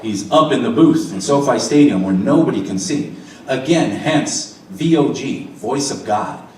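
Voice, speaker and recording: Energetic middle-aged man teaching in an echoey room. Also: medium pitch, unhurried, far from the mic, slight background noise. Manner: lively, demonstrating voices to the audience. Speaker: radio DJ giving microphone tips. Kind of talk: seminar talk. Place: seminar room.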